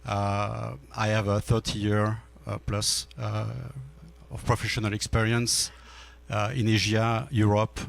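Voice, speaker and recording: A man in his fifties from France with a French accent, giving halting panel remarks at a business forum with many fillers and restarts. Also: on the low side, vocal fry. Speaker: panel speaker, energy storage executive.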